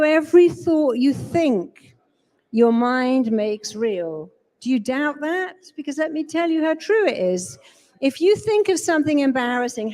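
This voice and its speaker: A woman's voice: high voice, a little mellow. A woman giving a live seminar talk on a stage, emphatic, slipping into quoted voices to make her points. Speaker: speaker. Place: large event hall.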